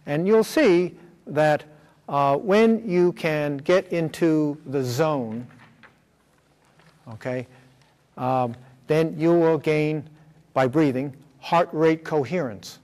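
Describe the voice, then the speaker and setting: A man gives a workshop lecture in a school room, explaining step by step and checking in with the audience. His voice sits a little high. A long reverb trails his words through the hall. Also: slow, pauses often, a little mellow. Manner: explains step by step, with many fillers and check-ins. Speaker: workshop presenter. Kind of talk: lecture with slides.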